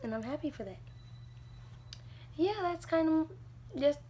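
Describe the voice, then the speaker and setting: A woman's voice: high-pitched, animated, a little slow, dark tone, slight background noise. A young woman vlogger casually telling a personal story, chatty and leaning on "like" a lot. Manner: chatty, fills with "like" often.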